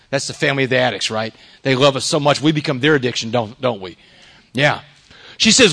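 A middle-aged man giving an earnest recovery testimony to a live audience, swinging from loud emphasis to hushed confession. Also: medium pitch, lively intonation, fast. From Texas. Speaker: recovery speaker.

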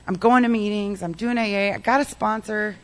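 Woman, mid-pitched voice, giving a rambling personal recovery testimony full of fillers. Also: brisk. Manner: rambling, heavy use of "like" and "um". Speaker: person sharing her recovery story.

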